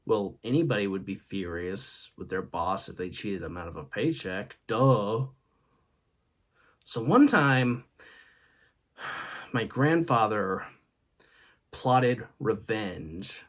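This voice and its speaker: A man's voice: lowish voice, lively intonation, takes it slowly, long pauses. A man hosting a comedy show, telling stories about his grandfather and laughing at his own jokes. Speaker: host. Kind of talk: comedic storytelling monologue.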